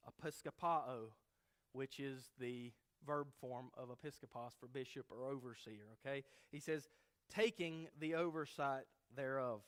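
A man preaching a verse-by-verse sermon who teaches emphatically and often checks in with his listeners by asking "okay?". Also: mid-range voice. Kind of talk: expository sermon.

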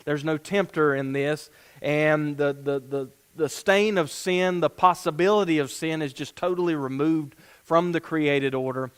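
A man's voice: fairly high pitch, fairly bright tone, smooth. A man preaching a sermon and reading scripture aloud, earnest and given to restarting phrases. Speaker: pastor.

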